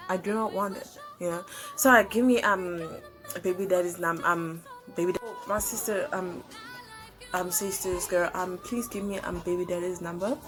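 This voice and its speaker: Animated South African woman telling a story. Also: on the low side, moderate pace, over music. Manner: animated, swearing, hesitant fillers. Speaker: YouTuber. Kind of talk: casual storytime.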